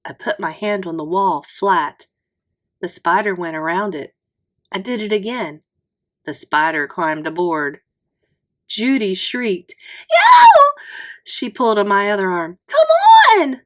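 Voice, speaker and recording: A woman reading a children's chapter book aloud in an expressive, unhurried storytelling manner. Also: lowish voice.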